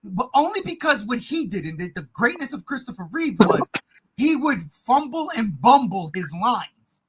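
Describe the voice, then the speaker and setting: A man co-hosting a podcast, chatting casually and excitedly about movies, swearing often and getting loud. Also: very high-pitched, normal speed, very noisy. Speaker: podcast co-host.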